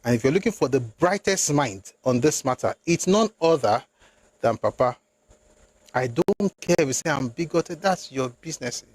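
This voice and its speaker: A man's voice: mid-range voice, expressive, normal speed, no room sound. A man giving an opinionated political monologue, emphatic and rhetorical, slipping into phrases. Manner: emphatic, rhetorical, rising into indignant outbursts; switches between English and Yoruba. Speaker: political commentator.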